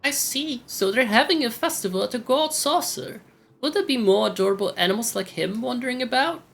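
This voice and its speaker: A curious young woman at a festival, as a man voices her in a lifted, light tone while reading game dialogue. The voice sits clearly higher than his usual talk, with faint music behind. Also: fairly quick, fairly bright tone, exaggerated voice.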